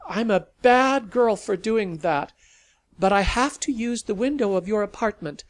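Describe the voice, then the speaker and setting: A man's voice: high-pitched, very animated, measured pace, dark tone, breathy edge, pitched above the performer's own voice, heavily acted. A man voicing a tough, sarcastic young woman who talks brashly and coaxingly. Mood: pleading.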